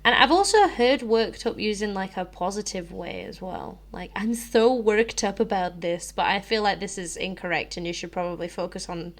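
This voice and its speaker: A woman's voice: mid-range voice, lively intonation, brisk, hardly any pauses. British woman, English teacher co-hosting a learners' podcast; chatty, explanatory, easy laughs. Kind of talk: casual teaching chat.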